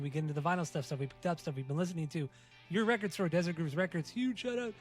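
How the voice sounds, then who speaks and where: A man hosting a casual music podcast, bantering fast and joking with profanity. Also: fairly high pitch. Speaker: podcast host.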